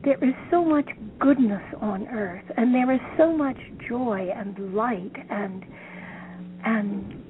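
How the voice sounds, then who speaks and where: A woman author being interviewed, speaking in a slow, thoughtful, musing way over a phone line. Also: on the high side. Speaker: author guest. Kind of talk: reflective interview talk. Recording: tinny phone line, faint noise.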